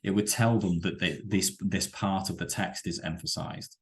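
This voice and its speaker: A man teaching a web development lesson over a screen-share, explaining with halting, self-correcting sentences and many fillers. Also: low voice, steady tone. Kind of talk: screen-share coding tutorial.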